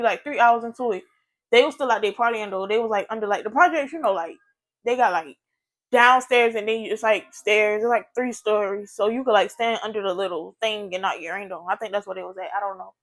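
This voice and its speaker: A young adult woman vlogger telling a story in a casual, animated way, full of profanity and chatty asides. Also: on the high side.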